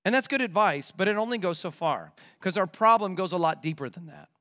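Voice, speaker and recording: High-voiced man preaching a sermon. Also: expressive, fairly quick, sharp tone. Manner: emphatic, with rhetorical questions. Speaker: pastor. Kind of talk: expository sermon.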